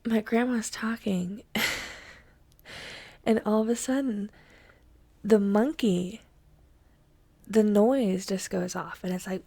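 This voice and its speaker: Young woman, casual storytelling, dry close sound, middle pitch. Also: slow pace, creaky, pauses often, darkish tone, no echo. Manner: chatty, lots of fillers, drops to a whisper for suspense. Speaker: host.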